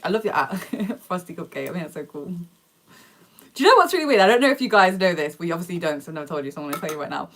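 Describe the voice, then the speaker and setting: Cooking in her home kitchen, a young woman chats on a live stream, slangy and answering viewer comments as she goes. Her low-leaning voice is animated and rapid-fire.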